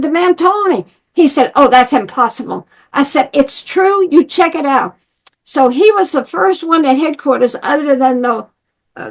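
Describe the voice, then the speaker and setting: An older woman from New York with a high voice, telling her life story. She acts out the dialogue of people she remembers, with plenty of animation. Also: rough recording. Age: 80s. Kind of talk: personal storytelling.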